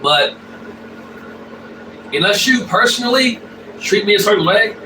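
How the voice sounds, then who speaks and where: A man's voice: sits high, animated, a little slow, background noise. A man talking casually in a blunt, profane monologue, repeating himself and using many fillers. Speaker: spiritual vlogger. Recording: roomy, distant mic with faint ambience.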